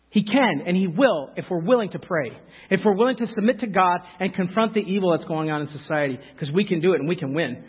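A man preaching a sermon, animated and talking straight to the congregation with quick asides. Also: high-pitched, breathy edge. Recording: phone-like sound with long hall reverb.

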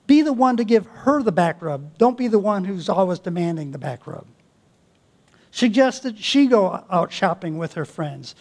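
A man with a notably high voice delivers an earnest sermon, pressing his congregation with questions one after another. He speaks as a pastor addressing a church from the pulpit. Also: sing-song, normal speed, a little mellow. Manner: earnest, exhorting, with rhetorical questions.

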